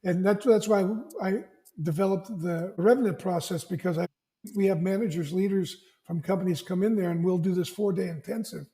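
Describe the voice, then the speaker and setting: High-voiced mellow man telling stories. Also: brisk. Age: older. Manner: animated storyteller who acts out family dialogue, frequent restarts. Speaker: executive coach, podcast guest. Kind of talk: conversational interview storytelling.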